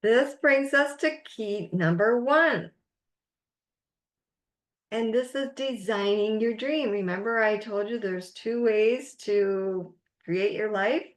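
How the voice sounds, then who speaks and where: Woman coach, mid pitch, slow and deliberate, encouraging masterclass delivery. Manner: slow, encouraging, emphatic teaching with quotes. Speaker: life coach.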